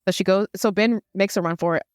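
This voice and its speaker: A woman co-hosting a podcast, recapping a movie in casual chat, animated and swearing as she acts out the characters. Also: medium pitch, quick pace, no echo, clean studio sound. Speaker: podcast co-host.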